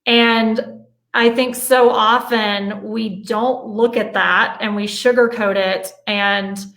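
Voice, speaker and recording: A woman hosting a conversation, with a slightly high voice. She talks casually and hesitantly and often restarts her sentences. Her voice sounds roomy, as if recorded in an echoey space. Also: fairly even intonation, takes it slowly, a bit bright. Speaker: host. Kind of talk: conversational interview. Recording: echoey room.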